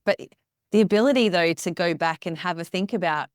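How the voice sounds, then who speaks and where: Low-voiced reflective woman guest. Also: fairly quick, dry recording, clean studio sound. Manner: thoughtful, reflective. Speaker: podcast guest, yoga practitioner. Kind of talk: conversational interview.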